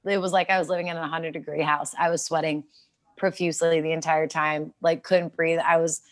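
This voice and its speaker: Young woman, low-ish voice, salty rambling podcast co-host. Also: flat delivery, brisk. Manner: profane, laughing, rambling storyteller. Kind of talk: casual podcast chat.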